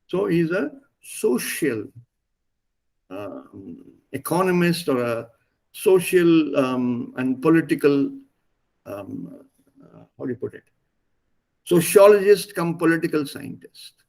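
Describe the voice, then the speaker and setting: Slow, gravelly-voiced male language teacher. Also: a little high, very animated, a little mellow. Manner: reads a line, then translates and explains it. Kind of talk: explaining a text line by line.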